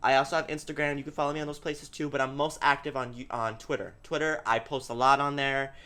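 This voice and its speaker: A man hosting a casual podcast chat, animated and quick to laugh. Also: medium pitch, smooth. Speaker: podcast host.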